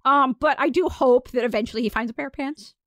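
A young woman co-hosting a podcast in an animated, casual way, full of fillers and quick laughs. Her voice sits high and sounds bright. The recording is dry and close. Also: no room sound. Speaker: podcast co-host. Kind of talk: casual chat.

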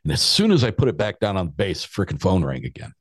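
A man's voice: low-pitched, big pitch swings, fast talker, slightly rough, no room sound, studio quality. A man in his fifties, a podcast guest, telling a rambling story in casual chat and chuckling as he goes.

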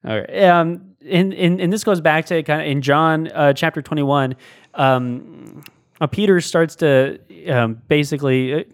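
A man co-hosting a casual faith discussion, speaking in a halting way with many fillers and restarts. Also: fairly high pitch, no echo, clean studio sound. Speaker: podcast co-host.

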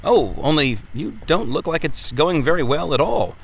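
A man voicing a cheerful, gentle male preacher who speaks kindly and stammers a little. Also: on the high side, lively intonation, moderate pace, vocal fry, slight background noise, pitched above the performer's own voice. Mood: kindly urging.

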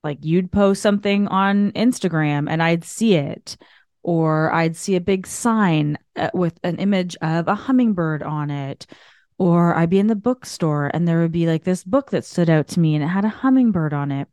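Woman from Canada, chatty animated host, slightly low voice, dry close sound. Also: normal speed, dry recording. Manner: animated, chatty, many filler likes. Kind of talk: spiritual storytelling monologue.

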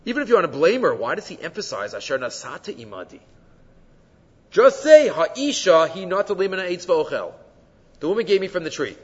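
A man's voice: high voice, very animated, fairly quick, fairly bright tone, slightly rough. A man, teaching a weekly Torah class, asking rhetorical questions and moving between Hebrew quotes and English explanation. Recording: muffled audio, long hall reverb.

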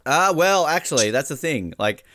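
Animated man, lively pitch. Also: no room sound, studio quality. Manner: animated, quick to act out quotes. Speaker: podcast co-host. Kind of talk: casual chat.

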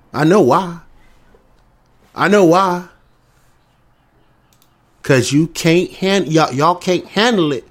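Southern US male, combative monologue, swears freely, repeats himself, slightly raised pitch. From American South. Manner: combative, repetitive, profane. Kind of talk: ranting monologue.

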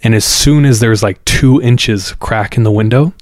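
Brief: casual male podcast storyteller, lowish voice, relaxed and rambling. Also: moderate pace, no echo, studio quality. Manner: loose and conversational, repeats words, fillers. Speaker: podcast host.

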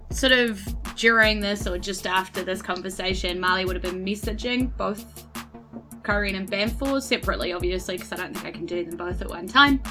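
A woman playing a tabletop game, chatty and excitable, with lots of fillers. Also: mid-range voice, a little fast, music in the background. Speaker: player. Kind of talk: casual tabletop game chat.

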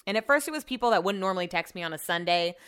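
A woman's voice: fairly low pitch, lively intonation, rapid-fire, a bit bright, smooth. A young woman hosting a podcast alone from her home office, talking casually and rambling with lots of "like", sounding shaken and subdued. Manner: chatty, rambling, says "like" often. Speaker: podcast host. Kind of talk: casual solo podcast chat.

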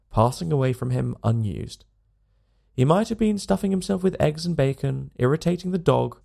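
A man reading a classic novel aloud as a bedtime story host, with calm, expressive narration. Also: mid-range voice, creaky. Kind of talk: audiobook narration.

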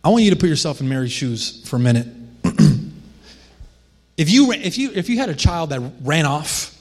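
A man's voice: fairly high pitch, expressive, normal speed. A man preaching a sermon as a pastor, in a conversational manner with frequent restarts and asides.

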